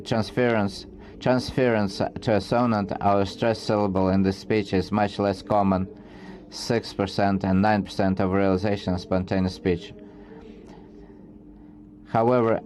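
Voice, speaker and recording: A man giving an academic research presentation, reading from slides in a halting way with frequent restarts. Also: on the low side, darkish tone, slight background noise.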